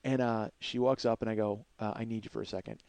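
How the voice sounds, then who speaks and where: A man hosting a podcast, telling a long story in a casual, animated way, swearing and acting out what people said. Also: on the low side, fast talker, vocal fry, clean tone, no echo. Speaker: podcast host.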